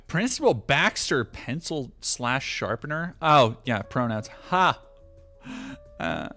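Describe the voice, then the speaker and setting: A man's voice: mid-range voice, expressive, measured pace, pushed and bright, soft background music. Sarcastic, ranting streamer man. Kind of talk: casual game commentary.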